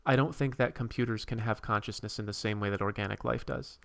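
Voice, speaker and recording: A man's voice: on the low side, steady tone, fast, vocal fry, a bit bright. A man hosting a casual livestream, rambling while he reads and answers viewers' comments and draws. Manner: drawing while talking. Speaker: streamer host.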